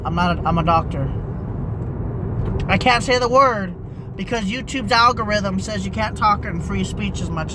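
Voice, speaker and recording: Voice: mid-range voice, noisy background. A young adult from Texas, ranting casually on a vlog from inside a car, rambling and repeating themselves. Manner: rambling, repeats itself, animated asides. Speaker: vlogger. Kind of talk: casual rant while driving.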